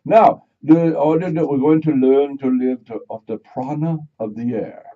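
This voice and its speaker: A man's voice: medium pitch, moderate pace, recorded from a distance, lightly acted. A man putting on an Indian accent to play a serene male meditation guru, in a sing-song voice. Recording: dull lo-fi radio studio sound.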